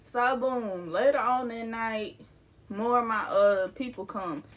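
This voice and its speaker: A young adult woman vlogger shares a personal storytime with her viewers, calling them y'all and staying casual and candid as she laughs through grief. Her voice is a little high and her pace a little slow.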